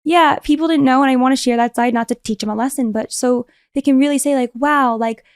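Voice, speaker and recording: Fast-talking young woman, animated storyteller. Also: high voice, clean tone, no echo, clean studio sound. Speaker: podcast guest. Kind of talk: casual interview talk.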